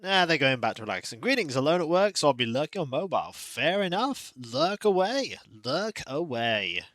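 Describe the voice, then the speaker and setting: A man with a slightly high voice, chatting loosely to his stream audience. He greets viewers with mock grandeur, then drifts into easy, relaxed talk. The sound is dry and close. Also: fast, no room sound. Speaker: livestreamer. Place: home room.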